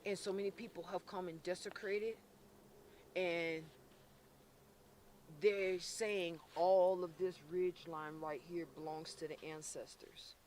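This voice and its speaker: A man from Florida working as a psychic medium on an outdoor paranormal investigation, talking intensely and haltingly with many restarts. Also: high voice, fairly even intonation, darkish tone, far from the mic, slight background noise. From Florida, USA. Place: outdoors by a reservoir.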